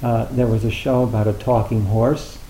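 Middle-aged man, Zen teacher, dharma talk, halting and wry, warm mellow tone, roomy hall with faint hiss. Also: mid-range voice, little pitch movement. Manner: halting, loose and conversational with frequent fillers; wry, gently humorous.

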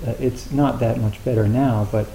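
A middle-aged American man giving a dharma talk as a Zen teacher, in a loose, halting, conversational way with many fillers and a wry, gentle humor. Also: medium pitch, steady tone, gravelly. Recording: roomy hall with faint hiss.

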